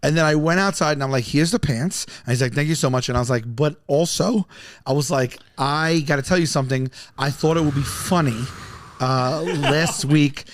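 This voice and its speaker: A man telling a long comic story on a podcast, rambling and animated, often stumbling over his words. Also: fairly high pitch, moderate pace, a little hiss or hum. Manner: rambling, animated, self-interrupting.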